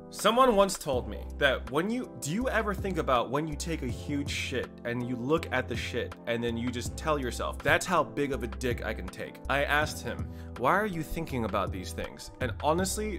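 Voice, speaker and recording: A man's voice: on the high side, animated, normal speed, bright, forceful tone, faint music behind. A young man livestreaming, chatting casually with his viewers in a crude, joking way. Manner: joking, crude, addressing chat. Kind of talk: casual stream chat.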